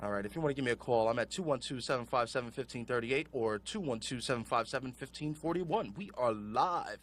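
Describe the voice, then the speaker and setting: A man's voice: mid-range voice, lively intonation, a little fast, fairly bright tone, a little hiss or hum. A man hosting a call-in radio show, ranting sarcastically and sounding exasperated. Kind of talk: call-in talk radio rant.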